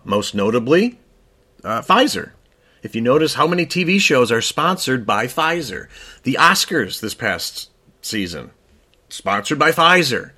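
A man co-hosts an opinion talk show at a mid pitch. He talks emphatically, with plenty of fillers and restarts, and his voice climbs as he gets worked up. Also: bright, forceful tone. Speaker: co-host.

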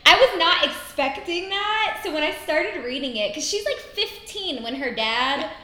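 A young woman co-hosts a casual book-chat podcast, laughing her way through her opinions. Her voice sits high and swings widely in pitch. The room around her rings with echo. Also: normal speed. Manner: giggly, animated, laughs often. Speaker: podcast co-host. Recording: echoey room.

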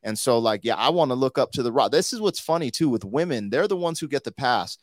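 A man's voice: medium pitch, expressive, quick pace, no room sound, studio quality. A man hosting a podcast in loose, slangy casual chat, full of "like" and "you know.". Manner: loose and slangy, full of 'like' and 'you know'. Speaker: podcast host.

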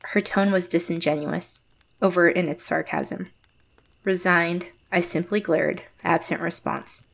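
An actress playing a closed-off, reserved young woman, narrating her story in first person in a quiet, measured way. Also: fairly low pitch, steady tone, creaky. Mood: guarded. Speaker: narrator and lead character.

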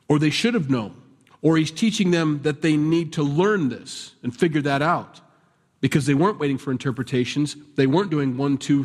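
A man preaching a conversational sermon, animated and self-deprecating, swinging between loud bursts and quiet asides. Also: mid-range voice. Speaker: pastor. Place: church sanctuary. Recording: church sanctuary with long reverb.

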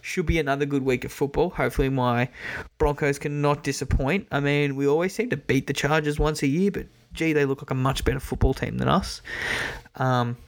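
Animated joking man hosting a sports podcast. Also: a little high, brisk. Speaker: podcast host. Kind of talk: casual sports commentary monologue.

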